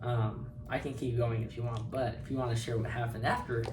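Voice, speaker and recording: A young man in his twenties telling a story to camera in a casual, animated, self-mocking way, laughing often. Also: medium pitch, fairly quick, over music. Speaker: co-host of a couple's channel. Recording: roomy sound, mic a bit far.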